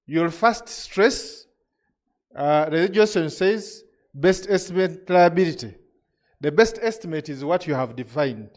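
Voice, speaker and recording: A man's voice: on the high side, lively intonation, moderate pace, a little mellow. A man presenting regulations to an industry audience, explaining step by step with frequent restarts.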